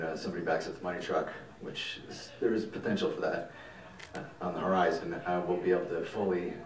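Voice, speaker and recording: Male director at a festival Q&A, low voice, animated and rambling, heard from afar in an echoey cinema. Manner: animated, rambling, swears casually. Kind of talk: festival Q&A storytelling. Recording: echoey hall, mic from far off.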